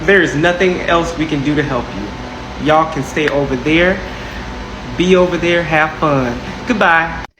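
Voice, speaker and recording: A man with a fairly high voice gives casual commentary, mocking and dismissive. He is recorded in an echoey room with an air conditioner humming behind him. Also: unhurried, background noise.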